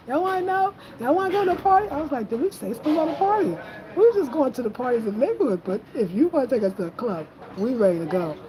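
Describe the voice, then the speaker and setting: Chatty woman telling stories. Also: rough recording. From Brooklyn, New York. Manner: animated, chatty, slangy, acts out quotes in a higher voice. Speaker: host. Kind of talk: casual storytelling chat.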